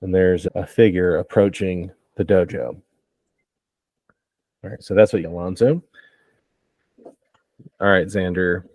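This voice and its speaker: A man running a tabletop game as game master, narrating with relaxed banter and frequent laughs. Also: low voice, takes it slowly, pauses often, no echo.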